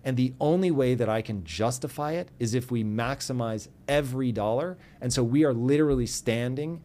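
A man telling a personal story as a podcast guest, animated and earnest, acting out both sides of old arguments. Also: mid-range voice, moderate pace. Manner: earnest and intense when giving advice.

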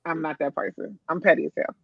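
A woman's voice: low voice, quick pace, gravelly, breathy edge, no room sound. A woman in a casual podcast chat, speaking candidly and often laughing. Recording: dull, dry recording.

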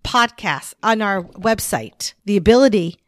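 Woman cohost on a podcast, steady explainer, teasing, dry close mic sound. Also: mid-range voice, unhurried, no room sound. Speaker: podcast co-host. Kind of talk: casual chat.

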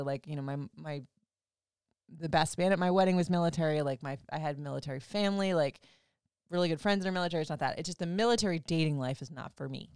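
A woman's voice: low voice, clear, resonant tone, dry recording, studio quality. A woman hosting a podcast, telling a personal story in a chatty, casual way, swearing freely and using "like" often. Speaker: podcast host.

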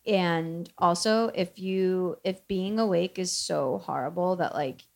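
A woman's voice: fairly low pitch, slow pace, vocal fry. A woman co-hosting a podcast, rambling and giggling through casual comedic chat. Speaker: podcast co-host.

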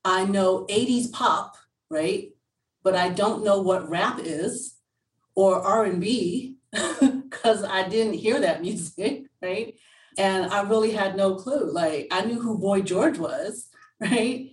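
A woman's voice: medium pitch, slow pace, far from the mic. A woman chatting candidly as an interview guest, telling stories animatedly and laughing often. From England. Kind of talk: casual interview chat. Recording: roomy sound from away from the mic.

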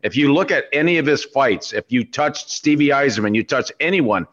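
A man's voice: mid-range voice, expressive, normal speed, a bit bright, muffled recording. A man who once played the game, analyzing it emphatically on a sports talk show, with some restarts. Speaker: former player turned analyst.

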